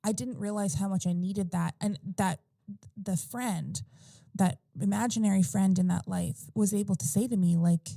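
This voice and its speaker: Mellow-voiced woman telling a rambling story. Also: medium pitch, normal speed, gravelly, no echo. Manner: rambling storytelling with many fillers and restarts. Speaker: podcast guest or host. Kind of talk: casual podcast conversation.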